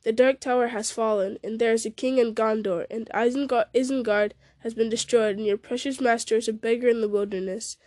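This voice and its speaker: Woman reading as a quiet, composed male hobbit. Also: fairly high pitch, steady tone, fairly quick, hardly any pauses, no echo, natural voice. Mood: calm.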